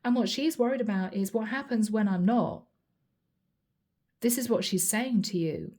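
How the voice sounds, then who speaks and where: A woman's voice: medium pitch, normal speed, long pauses, dark tone. A woman giving a channeled tarot reading, speaking earnestly and straight to the listener, often repeating her questions. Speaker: tarot reader.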